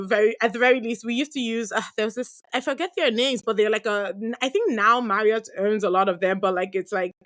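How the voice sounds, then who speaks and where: Recorded dry, this medium-pitched woman in her thirties hosts a podcast where she answers listener questions. Her storytelling is candid and lively, with frequent laughter, many fillers and plenty of asides.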